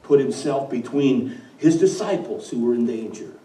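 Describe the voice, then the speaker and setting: A man preaching a dramatic storytelling sermon, swinging from hushed to loud, recorded in a church. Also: medium pitch, expressive, moderate pace. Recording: echoey church from far off.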